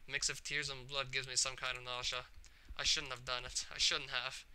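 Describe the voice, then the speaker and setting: A man's voice: mid-range voice, level tone, brisk, pushed and bright, clear, resonant tone. A man reading aloud as a troubled, shy teenage girl from a visual novel, emotional, his voice climbing into cries. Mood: anguished.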